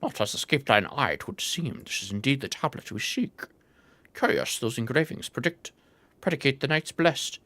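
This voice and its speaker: A man's voice: medium pitch, lively intonation, normal speed, a bit bright, dry recording, pitched above the performer's own voice, natural voice. A man reading aloud the lines of a solemn male elf scholar who speaks in old-fashioned formal phrases. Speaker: streamer reading game dialogue.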